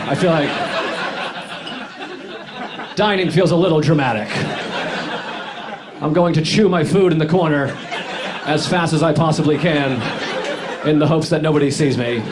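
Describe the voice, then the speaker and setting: A man performing a stand-up comedy set on a club stage, deadpan and self-deprecating, dropping his voice low for wry asides. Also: noisy background. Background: audience laughter.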